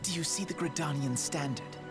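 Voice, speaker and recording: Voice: medium pitch, fairly quick, lightly acted. A voice actor playing a courteous noble guide in a video game, speaking formally and politely. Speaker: game character. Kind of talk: scripted game voice acting. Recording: game audio with music.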